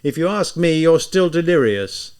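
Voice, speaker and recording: A man's voice: a little high, lively intonation, normal speed, a little mellow, smooth, pitched above the performer's own voice, lightly acted. A man reading aloud, voicing a flustered, defensive young male clerk in an audiobook. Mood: agitated. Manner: anxious, rising and protesting. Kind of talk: audiobook character voice.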